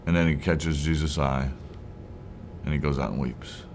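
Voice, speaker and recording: Deep-voiced male Bible study teacher, casual and conversational, acts out short quotes, with a faint rumble behind him. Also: steady tone, moderate pace, darkish tone.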